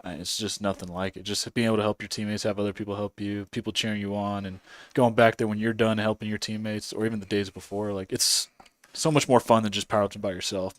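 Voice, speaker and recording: A man hosting a podcast, asking questions in a chatty way and using "like" a lot. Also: fairly low pitch. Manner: chatty, filler-heavy with lots of "like". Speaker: podcast host. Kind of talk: casual interview talk.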